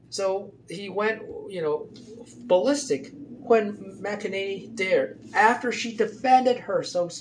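A man's voice: high-pitched, slight background noise. A man giving casual, rambling political commentary with many fillers and restarts.

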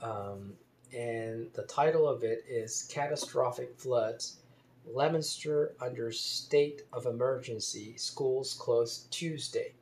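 Halting, hesitant man musing aloud. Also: mid-range voice, a little mellow. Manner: halting, full of ums and uhs, hedges and spells words out. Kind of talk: rambling monologue, reading a news story aloud.

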